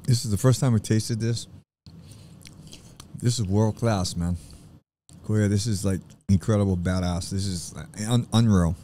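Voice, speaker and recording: A man with a low, mellow voice, gushing with praise while tasting food in a relaxed chat. A faint hum of background noise sits behind him. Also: measured pace, pauses often. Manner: effusive, enthusiastic praise. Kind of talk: casual chat.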